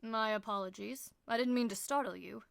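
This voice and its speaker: A woman's voice: on the high side, a little fast, vocal fry, no room sound. A woman voicing a formal, courteous male butler in an audiobook, speaking in a polite, restrained way.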